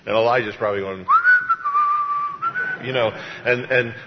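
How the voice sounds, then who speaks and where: A man's voice: on the low side, steady tone, moderate pace, very noisy. A man preaching a sermon as pastor, talking in a folksy, conversational way. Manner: conversational, folksy storytelling with acted-out voices. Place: church. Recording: dull, echoey church hall sound.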